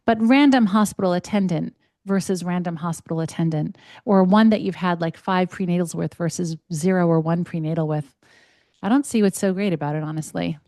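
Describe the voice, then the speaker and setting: A woman's voice: fairly low pitch, a little fast, mellow, no echo, studio quality. A woman hosting a podcast, commenting in an emphatic, incredulous way. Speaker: podcast host. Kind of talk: casual chat.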